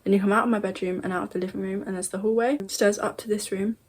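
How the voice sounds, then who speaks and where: Chatty young woman, husky voice. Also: mid-range voice, fairly even intonation, fast. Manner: chatty, rambling, self-correcting. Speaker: vlogger. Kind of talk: casual storytime. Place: bedroom at home.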